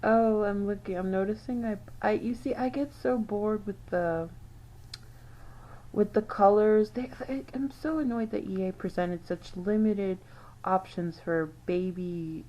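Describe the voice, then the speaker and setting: A woman's voice: medium pitch, a little slow, warm tone, low-quality recording. A woman host giving casual, musing commentary on old game screenshots, often trailing off and correcting herself. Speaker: channel host.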